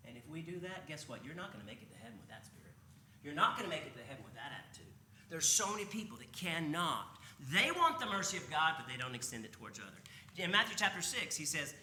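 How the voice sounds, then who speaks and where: A man's voice: a little high, very animated, fast talker, bright, forceful tone, roomy sound, slight background noise. A man preaching a sermon in a conversational way, often asking his listeners rhetorical questions. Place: church sanctuary.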